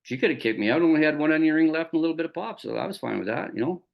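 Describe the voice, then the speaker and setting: A man from Canada talking through his business in a relaxed, folksy way. His pitch moves a lot, rising and dipping as he acts out back-and-forth conversations. It comes across like a friendly training talk to his team. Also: rapid-fire, vocal fry, lo-fi sound. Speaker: network marketing business trainer. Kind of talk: casual motivational talk with storytelling.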